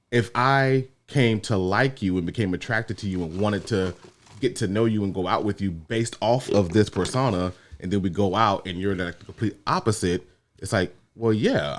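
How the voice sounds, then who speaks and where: A man co-hosting a casual podcast, calmly reasoning through his side with repeated "you know what I mean". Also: low-pitched. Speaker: podcast co-host. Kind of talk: casual chat.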